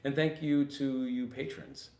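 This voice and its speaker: A man hosting a casual art podcast in an art supply store, slightly hoarse from getting over losing his voice, talking in an easygoing, rambling way. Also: medium pitch, little pitch movement, unhurried, a little mellow. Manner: easygoing, rambling, many fillers. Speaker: podcast host. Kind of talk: casual chat. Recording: roomy store with faint ambient noise.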